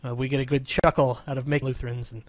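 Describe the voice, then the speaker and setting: A man's voice: mid-range voice, flat delivery, very fast, no echo. A man hosting his podcast in a casual, joking, rambling, self-deprecating chat with a remote co-host. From Southern Illinois. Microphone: remote call setup.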